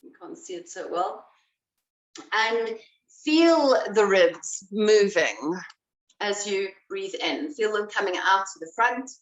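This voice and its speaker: Calm woman guiding slow breathwork. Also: medium pitch, muffled recording. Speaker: breathwork instructor. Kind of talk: guided breathing exercise. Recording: roomy sound, voice away from the mic.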